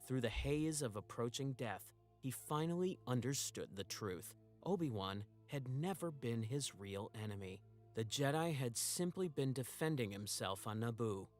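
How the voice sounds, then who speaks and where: A man with a mid-range voice narrates a story recap in measured, dramatic scripted storytelling. Faint music plays underneath. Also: medium pitch, lively intonation.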